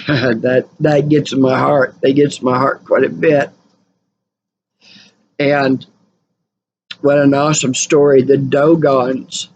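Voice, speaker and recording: A woman's voice: rumbling low, level tone, takes it slowly, pauses often, darkish tone. A woman telling stories in a rambling, casual monologue, repeating and correcting herself. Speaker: channel host. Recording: dull lo-fi recording with faint noise.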